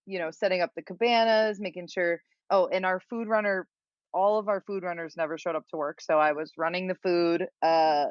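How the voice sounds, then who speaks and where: A woman telling a story as a podcast guest, animated and laughing at herself. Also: lowish voice, dry recording. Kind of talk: casual storytelling. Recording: dull dry lo-fi recording.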